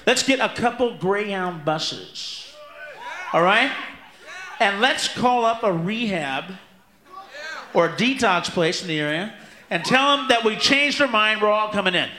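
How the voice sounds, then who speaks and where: A man performing a stand-up comedy set on a live stage, loud and profane, often breaking into shouts. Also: high voice, sing-song, measured pace, pauses often. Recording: echoey live venue with room noise.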